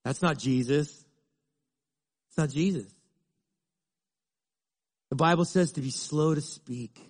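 A man's voice: a little high, slow pace. A middle-aged male pastor preaching a sermon in a conversational way, acting out little dialogues.

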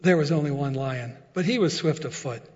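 A calm, solemn lion voice speaks slowly from the mist, as a man reads it aloud. The sound is dull and lo-fi, with a long echo trailing behind. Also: a little high, natural voice.

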